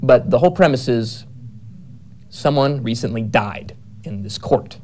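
A man's voice: medium pitch, lively intonation, measured pace, a little mellow. Rambling man with lots of fillers. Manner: rambling, many fillers and self-corrections. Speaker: writer describing his novel. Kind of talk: casual chat.

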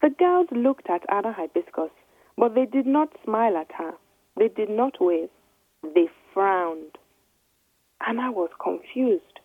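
A woman reading a children's story aloud in gentle, measured narration. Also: medium pitch, animated, breathy edge, no echo. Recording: dry, tinny phone-like line.

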